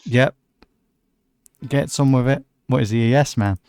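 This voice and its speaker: A man co-hosting a casual football podcast, relaxed and chatty, laughing easily. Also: mid-range voice, measured pace, smooth, dry recording. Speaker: podcast co-host. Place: lives in Liverpool.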